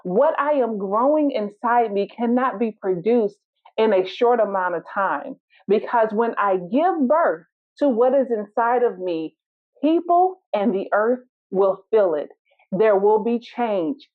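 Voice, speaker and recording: Woman doing a calm wise mother elephant. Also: mid-range voice. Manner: calm, slow, solemn declarations. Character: calm, patient, wise pregnant female elephant. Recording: tinny phone-like sound.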